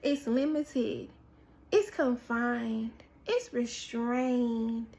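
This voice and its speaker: Female preacher, high voice, unhurried sermon delivery, dramatic repetition. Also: vocal fry. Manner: animated storytelling with acted-out quotes, repetition for emphasis. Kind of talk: prophetic word, sermon-style.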